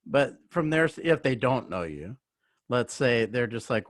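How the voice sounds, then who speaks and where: A man hosting a podcast, asking questions and reasoning aloud in a measured way. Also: medium pitch, animated, dry recording, clean studio sound. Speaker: podcast host. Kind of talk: interview questions.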